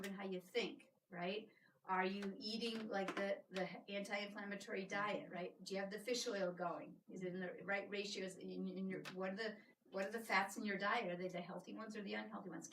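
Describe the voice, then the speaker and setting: A woman chiropractor giving a live workshop to patients, energetic and coaxing, often checking in with "right?". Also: mid-range voice, background noise. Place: clinic room with a small audience. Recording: echoey room, mic at a distance.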